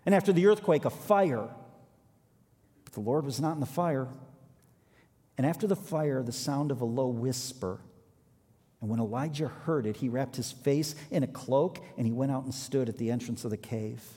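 A man's voice: medium pitch, normal speed, long pauses, mellow. Male pastor, mid-range voice, preaches and reads scripture with rising emphasis, captured in a reverberant hall. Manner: reads scripture aloud, then explains with emphatic rises. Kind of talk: sermon.

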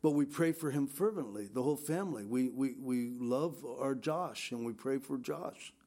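A man's voice: medium pitch, moderate pace, dark tone. An older man, a pastor, giving an earnest, conversational sermon and urging his listeners on. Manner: earnest, exhorting.

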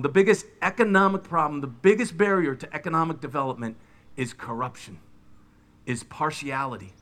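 Middle-aged man, pastor, sermon, bright tone, slightly high voice, dramatic retelling. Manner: dynamic preaching, acts out biblical scenes.

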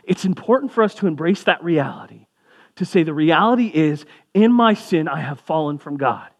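Young male pastor with a fairly high voice, preaching in a relaxed, conversational tone. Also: normal speed. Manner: conversational preaching, casual asides. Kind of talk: sermon.

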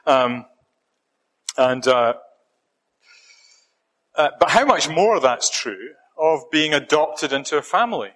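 A middle-aged Scottish man preaching, his voice bright and forward. He speaks gently and unhurriedly, pausing on fillers and restarting phrases as he works through his point. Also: on the high side, rough recording. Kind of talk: sermon.

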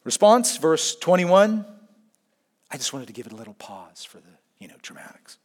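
A man preaching a sermon, telling a story expressively and swinging between hushed asides and emphatic points. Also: fairly low pitch, quick pace, breathy edge. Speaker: pastor.

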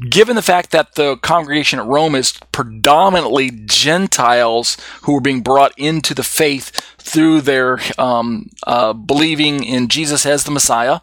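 A man's voice: mid-range voice, a bit bright, dry recording. A man teaching a Bible study in an explanatory way, with frequent fillers and restarts.

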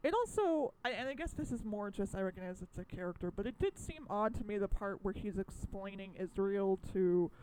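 A young woman co-hosts a podcast recorded indoors in New York, her medium-pitched, slightly mellow voice animated and fairly quick, with hardly any pauses. She chats casually and rambles, full of fillers and restarts. The rough recording has a little hiss or hum.

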